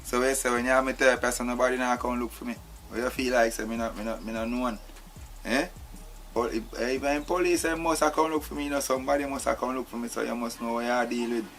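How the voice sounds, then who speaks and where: A man's voice: mid-range voice, steady tone, quick pace, a bit bright, lightly acted. A man playing a tied-up Jamaican captive. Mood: pleading, agitated. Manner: pleading, arguing, repeats "you know". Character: tied-up man pleading and arguing with his captor. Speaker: actor in a film. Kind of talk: film dialogue.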